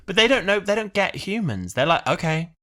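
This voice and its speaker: A young man in his twenties chatting as a podcast co-host, his voice bright and clear. He talks in a lively, sing-song way that swoops up and down, often giggling. He slips into quick impressions. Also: sits high. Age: 20s. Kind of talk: casual chat.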